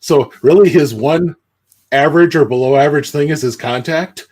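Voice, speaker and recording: A man on a casual sports podcast, relaxed and rambling as he analyzes players. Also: fairly high pitch, normal speed. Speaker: podcast co-host. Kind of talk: casual chat.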